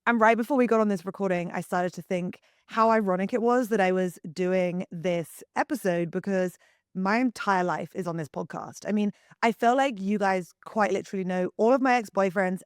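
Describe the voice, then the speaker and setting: A young woman hosting a solo podcast, husky from the early morning, talking frankly to listeners as if to close friends. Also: medium pitch, brisk, no echo. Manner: candid, confiding, talks to listeners like friends. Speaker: podcast host and wellness coach. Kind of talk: chatty solo podcast monologue.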